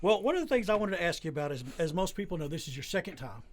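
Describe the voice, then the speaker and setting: A man's voice: high-pitched, big pitch swings, rapid-fire, a crowd in the background. A man co-hosting a podcast, asking laid-back questions. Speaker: podcast co-host. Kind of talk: casual podcast conversation.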